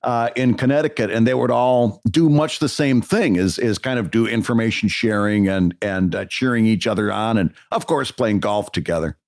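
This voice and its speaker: A man's voice: lowish voice, moderate pace, few pauses, a little mellow, dry recording, studio quality. Easygoing man on a podcast. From Ohio. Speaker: podcast co-host. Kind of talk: casual chat.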